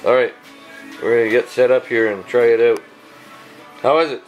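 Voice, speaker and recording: A man's voice: mid-range voice, moderate pace, faint music behind, rough recording. A man hosting a casual home cooking vlog, joking and coaxing others to taste the food. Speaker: home cook vlogger. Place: home kitchen.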